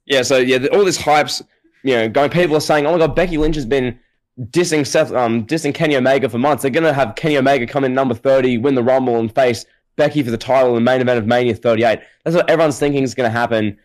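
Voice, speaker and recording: Male podcast co-host, mid-pitched, animated hyperbolic storyteller. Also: quick pace, rough recording. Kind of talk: casual podcast chat.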